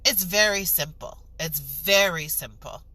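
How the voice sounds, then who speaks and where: A young woman rants to the camera in her vlog. She is exasperated and swears freely. Her voice sits low and drawls slowly, with a bright, tense edge. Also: dry recording, low-quality recording. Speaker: vlogger. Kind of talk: ranting storytime vlog.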